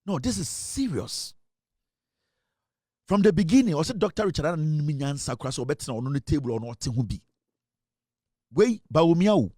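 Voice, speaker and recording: Fervent Ghanaian man, lively pitch. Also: dry recording, clean studio sound. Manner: fervent, repeats rhetorical questions, mixes Twi and English. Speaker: political commentator. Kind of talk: impassioned political commentary.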